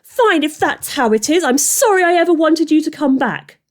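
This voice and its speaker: A woman voicing a spoiled, dangerous young girl who talks in a shrill, petulant way. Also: lively intonation, quick pace. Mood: furious.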